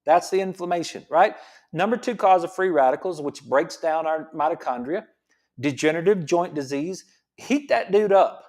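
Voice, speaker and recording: Middle-aged chiropractor guy lecturing about health, fairly high voice, keeps repeating stuff and asking the crowd "right?". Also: animated, moderate pace, darkish tone. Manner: repetitive, emphatic, full of rhetorical questions. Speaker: chiropractor host.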